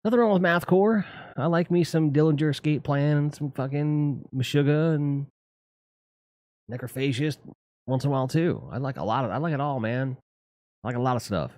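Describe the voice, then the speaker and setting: A man hosting a live stream, talking casually and profanely about heavy music in rambling, animated asides. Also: fairly high pitch, moderate pace, no echo, studio quality. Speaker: streamer host.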